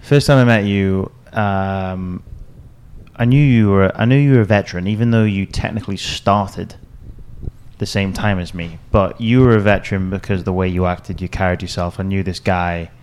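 A man in his thirties hosting a podcast, telling a story in a casual, animated way, acting out quotes, swearing and laughing often. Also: low voice, normal speed, clean tone. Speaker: podcast host. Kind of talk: casual chat.

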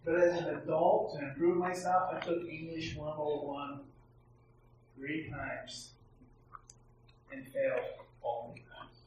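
A man's voice: a little high, fairly even intonation, takes it slowly, long pauses, far from the mic, lo-fi sound, background noise. A middle-aged male pastor telling a candid, self-deprecating personal story as a sermon in a church. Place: church sanctuary. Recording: echoey church, heard from afar.

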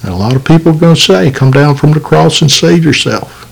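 A man's voice: on the high side, fairly quick, vocal fry, husky, rough recording. A man preaching an earnest, urgent sermon on his podcast, with pointed rhetorical questions to the listener.

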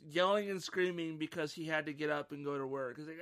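Casual man, bright sharp tone, swears, quick anecdote. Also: a little high. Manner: laughs, swears, mimics a yelling cousin. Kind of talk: casual chat.

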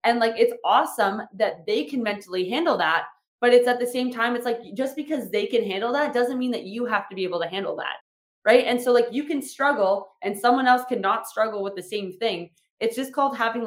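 A woman's voice: fairly high pitch, animated, moderate pace. A young woman hosting her podcast as a fitness trainer, talking casually and frankly, with lots of fillers and some swearing. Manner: chatty, frank, swears often, many fillers. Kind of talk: casual solo podcast talk. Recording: echoey room.

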